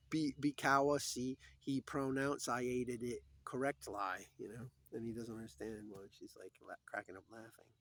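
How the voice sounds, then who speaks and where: A man's voice: medium pitch, no echo. A man casually retelling old cartoon scenes, acting out the characters' lines and chuckling at his own jokes. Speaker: storyteller. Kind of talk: casual rambling monologue.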